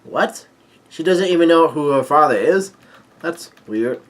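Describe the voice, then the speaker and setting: A man's voice: a little high, lively intonation, a little slow. A man casually reading through a manga chapter, hesitant and full of fillers and restarts. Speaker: manga reader and commentator.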